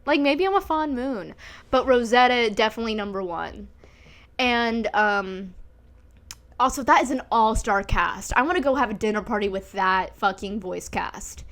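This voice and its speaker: A woman's voice: fairly high pitch, normal speed, fairly bright tone. Giggly young woman, candid chat. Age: 20s. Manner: candid and giggly, swears freely. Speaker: podcast host. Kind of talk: casual chat.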